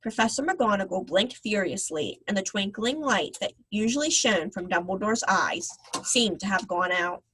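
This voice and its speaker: A woman reading a children's book aloud on a live video call, with a gentle, expressive manner. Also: mid-range voice, normal speed, hardly any pauses, slight background noise, poor audio. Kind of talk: read-aloud storytelling.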